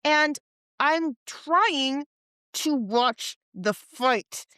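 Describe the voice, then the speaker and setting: A woman's voice: high voice, animated, extremely slow, sharp tone, no echo, clean studio sound. Chatty podcast co-host woman. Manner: chatty, recapping with playful teasing. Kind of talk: casual chat.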